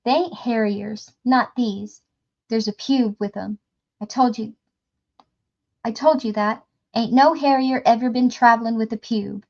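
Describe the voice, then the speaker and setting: A woman voicing an excitable old farmer man who talks with a cracked, wavering voice and thick rural speech. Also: on the high side, measured pace, vocal fry, highs cut off. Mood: excited.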